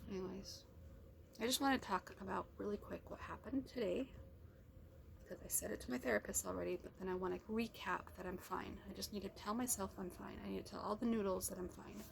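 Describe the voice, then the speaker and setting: A woman's voice: mid-range voice, brisk, vocal fry, noisy background. A middle-aged woman rambling in a casual personal vlog, talking to herself with restarts. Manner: rambling, self-talk with restarts. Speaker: vlogger. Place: car or at home.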